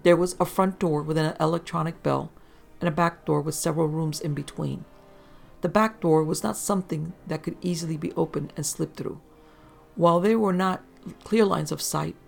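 Story narrator, mid-pitched with heavy vocal fry, steady and calm reading delivery. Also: moderate pace, faint music behind. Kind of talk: reading first-person encounter stories aloud.

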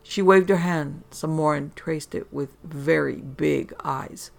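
A storyteller reading a dark comic tale in a deadpan, profane way. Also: mid-range voice, slow, creaky.

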